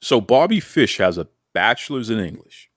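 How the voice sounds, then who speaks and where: A man's voice: medium pitch, very animated, moderate pace, a bit bright, no echo, studio quality. A man hosting an interview show, asking questions in an upbeat, playful way. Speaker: podcast host.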